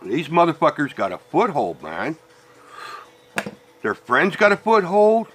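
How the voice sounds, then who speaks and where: A man's voice: fairly high pitch, huge pitch swings, a little slow. A middle-aged man ranting bluntly and profanely in a personal monologue about family and parenting. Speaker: vlogger.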